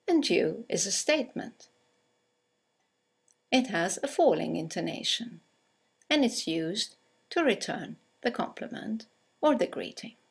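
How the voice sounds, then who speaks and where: A woman narrating a scripted English conversation lesson, reading example greetings aloud with slow, clear delivery. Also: mid-range voice. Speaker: English teacher.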